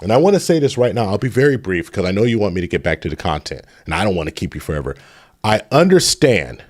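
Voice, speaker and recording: A middle-aged man hosting a livestream, ranting heatedly and preachily with many restarts, then talking quietly to his chat. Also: fairly low pitch, very animated, fast talker. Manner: drops to soft, pleading tone addressing chat. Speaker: channel host. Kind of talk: livestream commentary.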